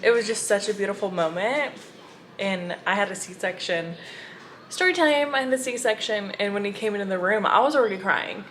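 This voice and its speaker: A woman's voice: medium pitch, normal speed, slight background noise. Chatty young woman gushing to viewers. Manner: gushing, animated storytelling to viewers. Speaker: book vlogger. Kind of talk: casual chatty reading vlog.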